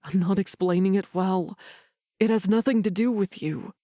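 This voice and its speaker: A woman reading an audiobook, voicing a quiet, earnest young man who talks softly and low. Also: steady tone, normal speed, dry recording, studio quality, natural voice. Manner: soft, low and hushed. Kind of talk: audiobook character voice.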